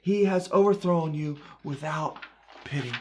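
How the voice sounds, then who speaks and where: A man preaching as a pastor, reading scripture with deep feeling, swinging between loud outbursts and hushed, sorrowful passages, and often asking "right?". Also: a little slow, noisy background. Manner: impassioned, frequently asks "right?".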